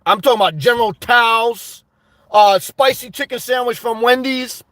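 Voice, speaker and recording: High-voiced, animated man on a livestream. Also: moderate pace, no echo, studio quality. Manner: animated, profane, loud outbursts. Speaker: livestream host. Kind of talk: casual livestream monologue.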